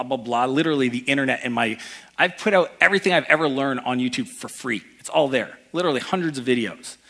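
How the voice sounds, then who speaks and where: Guy giving a pumped-up business talk on stage, bright forceful voice, jumps into characters mid-story. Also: mid-range voice, creaky. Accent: Canadian. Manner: energetic storytelling, acts out voices in anecdotes. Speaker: keynote speaker. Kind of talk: live motivational talk. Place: event hall before a live audience.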